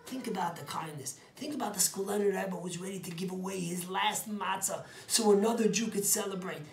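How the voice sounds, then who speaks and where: Animated male rabbi telling a story. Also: high voice, fairly quick, vocal fry, reverberant, a little hiss or hum. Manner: animated, swinging from hushed whispers to loud emphatic bursts. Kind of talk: storytelling sermon.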